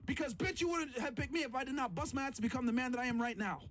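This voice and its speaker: High voiced guy ranting on his podcast, cursing a lot, hammering the same phrases over and over. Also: lively intonation, fast talker, few pauses, a bit bright, no room sound. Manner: heated, profane ranting; emphatic, repeats phrases. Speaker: podcast host. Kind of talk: reaction commentary.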